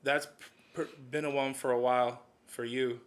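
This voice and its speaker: A man from California hosts a relaxed interview, joking around and swearing easily. He drops Spanish words into his English. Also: medium pitch, normal speed. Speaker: podcast host. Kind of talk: casual interview chat.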